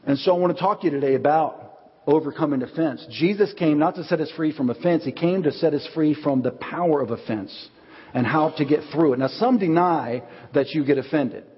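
Guy pastor preaching, bit high and raspy, big hall echo, kinda dull lo-fi sound. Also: brisk. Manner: animated storytelling, acts out quotes. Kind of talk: sermon. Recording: dull audio with long hall reverb.

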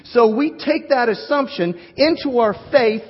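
Animated high-voiced preacher in a hall. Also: male voice, measured pace, husky. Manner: animated, joking with congregation. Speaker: pastor. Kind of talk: sermon. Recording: dull recording in a reverberant hall.

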